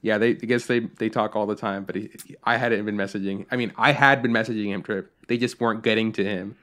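A young man co-hosting a podcast, telling a story in a casual, animated way, swearing and acting out what people said. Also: fairly low pitch, fairly quick. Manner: animated, swears a lot, acts out quotes. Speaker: podcast co-host.

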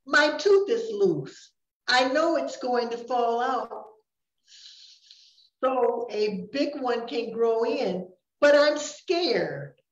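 An older woman voicing a frightened young boy in a storybook reading, in a high childlike voice. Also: animated, drawn-out words. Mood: scared. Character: young human boy, scared and tearful. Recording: roomy, dull recording.

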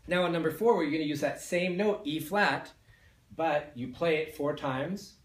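A man's voice: a little high, moderate pace, reverberant. Patient man teaching a beginner lesson. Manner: explains step by step, counts and sings along. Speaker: music teacher.

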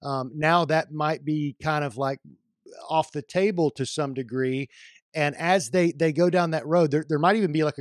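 Friendly interview host, searching questions. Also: male voice, fairly high pitch, no echo, studio quality.

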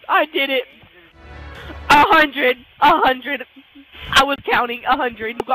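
A woman's voice: fairly high pitch, expressive, fairly quick, pushed and bright, a little hiss or hum, poor audio. A woman gamer raging at a hockey video game, screaming, swearing and muttering under her breath between outbursts. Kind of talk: raging live gameplay commentary.

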